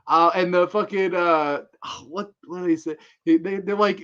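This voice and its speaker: A man chats casually on his own livestream, easily excited and quick to laugh. His talk is loose and full of swearing, pitched a little high for a man. The recording sounds slightly muffled and lo-fi. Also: smooth. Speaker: livestream host.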